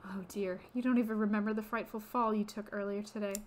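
A woman reading out the lines of a gentle, fatherly old man who asks worried, coaxing questions. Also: medium pitch, steady tone, fast talker, slight background noise, lightly acted. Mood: gentle worry. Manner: soft, coaxing, concerned questions. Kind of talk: reading game dialogue aloud.

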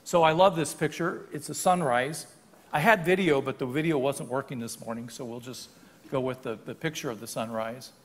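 A man's voice: mid-range voice, normal speed, long reverb tail. An older man giving a guest sermon in a church, explaining scripture in a conversational way and correcting himself now and then. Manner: explanatory, conversational preaching with small self-corrections. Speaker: guest preacher. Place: church sanctuary.

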